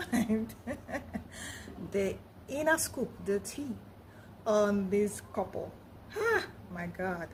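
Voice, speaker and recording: A woman hosting a reaction video, talking slowly and expressively. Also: fairly high pitch, slight background noise. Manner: slow, expressive, rising emphasis. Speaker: host.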